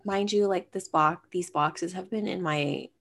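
A young woman co-hosting a casual chat, telling stories and acting out quotes with animated, rising energy. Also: fairly low pitch, a little slow. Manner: animated, acts out her dad and herself in quotes. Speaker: podcast co-host.

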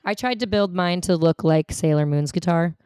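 Woman, low smooth voice, relaxed rambling chat, dry close mic. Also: moderate pace, no room sound. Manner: relaxed, rambling, lots of fillers and laughs. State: tired voice from long sessions. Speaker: guest guitarist. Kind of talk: casual chat.

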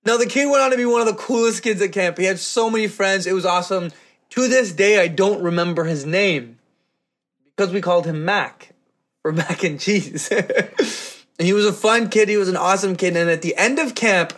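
A man telling a personal story to an audience, animated and acting out the voices of people in it. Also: sits high, brisk. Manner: animated, acts out voices in quotes, laughs often.

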